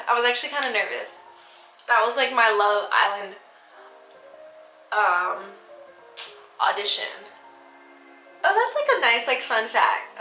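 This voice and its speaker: A woman's voice: on the high side, sharp tone. A young woman in her twenties chatting casually in a rambling way while doing her makeup. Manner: chatty, rambling, many fillers. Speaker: beauty vlogger. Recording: echoey room with faint music.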